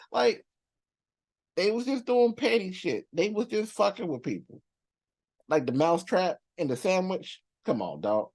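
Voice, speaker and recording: Brief: male reaction-channel host, slightly higher voice, loose profane countdown banter with frequent laughs. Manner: animated, laughing, profane slang. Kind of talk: casual countdown commentary.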